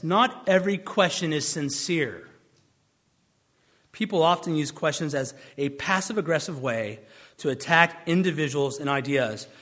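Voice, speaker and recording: This man's voice is fairly high and a bit bright as he preaches a sermon conversationally. He drops dry, sardonic asides and puts on mocking voices for the people who question him.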